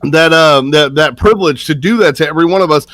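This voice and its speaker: A man's voice: on the high side, quick pace, a bit bright, no room sound, rough recording. A man on a live stream panel delivering an angry, profane tirade. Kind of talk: heated live-stream argument.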